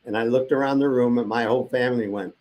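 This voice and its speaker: A man's voice: medium pitch, steady tone, fast, a little mellow. An older man as an interview guest, telling a long personal story and acting out the voices of the people he quotes.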